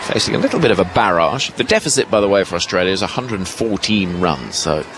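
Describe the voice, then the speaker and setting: Lively low-voiced man calling cricket. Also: fast, a crowd in the background. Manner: lively, rising with each delivery. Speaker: cricket commentator. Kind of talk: ball-by-ball sports commentary. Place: commentary box at a cricket ground. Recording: broadcast with loud ground noise behind.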